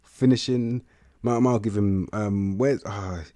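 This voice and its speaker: A man's voice: on the low side, fairly even intonation, slow, dark tone, no room sound, studio quality. An eighteen-year-old man, giving casual, rambling video-game commentary, full of slang and restarts. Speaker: gaming commentator.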